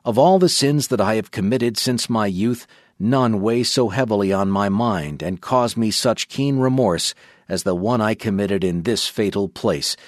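A man voicing a devout condemned martyr who speaks with earnest, steady defiance. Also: fairly low pitch, no echo, clean studio sound, lightly acted.

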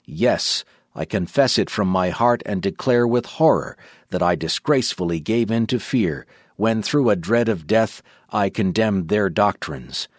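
A devout martyr facing death speaks in earnest, steady declamation, as a man reads him out. The voice sits low. The sound is dry and close. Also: a little slow, no room sound. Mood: defiant. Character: condemned male martyr, defiant and devout.

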